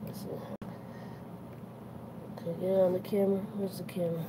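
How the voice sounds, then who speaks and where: A woman's voice: on the low side, little pitch movement, a little fast, background noise. Rambling chatty Boston woman. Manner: rambling, self-correcting, chatty. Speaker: host. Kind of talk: casual late-night chat.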